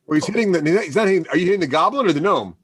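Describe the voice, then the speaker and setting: A man running a live tabletop role-playing session as dungeon master, laughing often and pausing with many uhs. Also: high voice, animated, a bit bright. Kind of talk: running a tabletop game, voicing characters.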